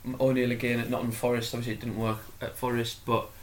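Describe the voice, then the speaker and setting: A man's voice: medium pitch, flat delivery, quick pace. A man co-hosting a casual football podcast, chatty, laughing often and saying "like" a lot. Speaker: podcast co-host.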